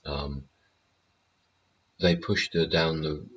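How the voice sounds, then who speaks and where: A man with a very low voice talks in a loose, rambling monologue full of swearing and little laughs. The audio is slightly dull and lo-fi, with faint ambience behind him. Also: little pitch movement, very slow, a bit bright, slight background noise. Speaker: host.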